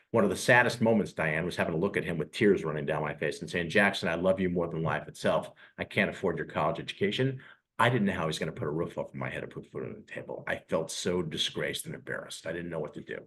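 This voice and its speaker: A man in his sixties, a real estate recruiter giving a sales presentation on a live call, telling his story earnestly with emotional pauses. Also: deep voice, fairly bright tone. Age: 60s.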